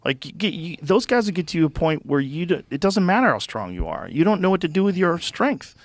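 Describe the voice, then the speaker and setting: Pria pembawa podcast yang bersemangat dan suka mengumpat. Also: male voice, a little high, brisk, no echo. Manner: animated, swears freely, explains with enthusiasm. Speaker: podcast host. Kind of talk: casual studio chat. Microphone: studio microphone.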